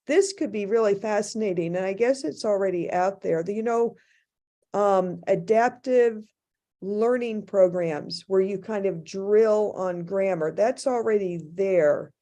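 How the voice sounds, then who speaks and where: A woman speaking as a faculty panelist in an academic discussion, thoughtful and halting, with many restarts. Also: medium pitch, dark tone.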